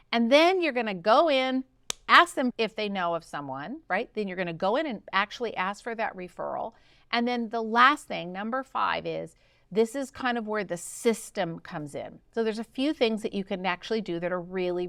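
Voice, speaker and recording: A woman hosting a podcast, coaching in a casual, enthusiastic way and acting out little dialogues with big jumps in pitch. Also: fairly bright tone, no room sound, clean studio sound. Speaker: podcast host and practice coach.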